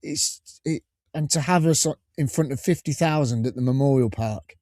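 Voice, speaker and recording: A man in casual podcast chat, talking at a middle pitch and tripping over repeated words as he gets going. His voice sounds close and dry with no room around it. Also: normal speed, mellow, no room sound. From England. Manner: chatty, repeats words as he restarts sentences. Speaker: podcast host.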